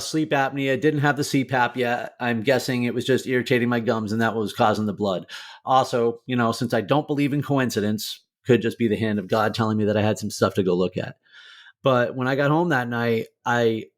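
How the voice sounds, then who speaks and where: A middle-aged man, a motivational speaker, telling his own hard story as an interview guest, candid and emotional, swearing freely and filling with "like". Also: medium pitch. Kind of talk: personal storytelling in a podcast interview.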